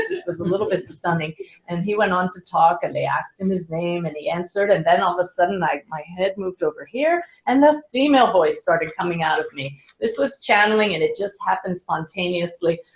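An older woman, a spiritual medium, calmly and earnestly explaining her practice to a live audience. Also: lowish voice, roomy sound, rough recording. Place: indoor event room with an audience.

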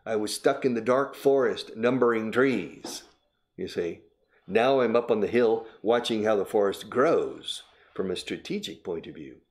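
A man's voice: on the low side, a little slow, darkish tone. An older man, hosting a chatty English lesson and explaining words in Spanish. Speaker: English teacher and host. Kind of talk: casual spoken English lesson.

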